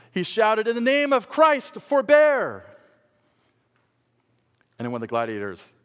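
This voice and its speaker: A man preaching a sermon, telling a story that swings from loud shouts to hushed, quiet passages. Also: medium pitch. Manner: storytelling, rising to shouts and dropping to hushed tones. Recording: long hall reverb.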